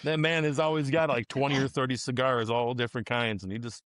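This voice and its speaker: A man's voice: medium pitch, steady tone, fast talker, a bit bright, dry recording. A man in the middle of his range rambles through family stories on a casual podcast, slipping into little voices for the people he quotes. The sound is close and dry, with no room around it. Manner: rambling storyteller, acts out quotes. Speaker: podcast co-host. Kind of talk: casual chat.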